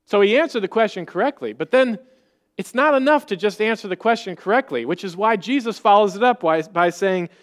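Male pastor, high voice, earnest conversational sermon delivery, rhetorical questions to the congregation. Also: lively intonation, fairly quick.

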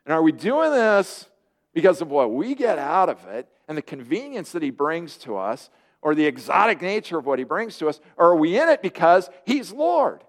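Man, pastor, sermon, slightly high voice, animated delivery. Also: moderate pace. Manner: animated preaching, acting out quoted voices.

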